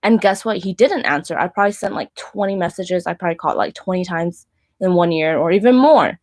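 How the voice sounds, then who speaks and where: A woman's voice: on the low side, brisk. A woman in her thirties, the show's host, talking candidly about faith and dating and leaning often on "like". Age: 30s. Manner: candid, heavy use of "like". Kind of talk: personal faith talk.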